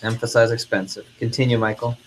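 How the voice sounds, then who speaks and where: A man's voice: mid-range voice, little pitch movement, fast talker, slight background noise, low-quality recording. A man leading a classroom sales training, stressing key words and having trainees repeat after him. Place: training room.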